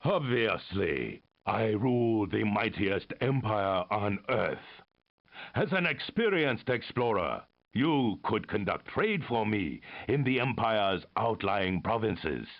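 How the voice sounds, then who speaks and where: A man's voice: lowish voice, animated, slow, dull audio. An actor playing a pompous, haughty male emperor in a video game, speaking in a grandiose, commanding way.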